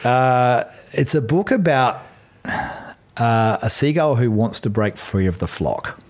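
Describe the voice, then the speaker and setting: A man's voice: medium pitch, lively intonation, slow pace. An Australian man in his fifties, a podcast guest, talking in a reflective, storytelling way with frequent ums. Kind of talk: casual conversation.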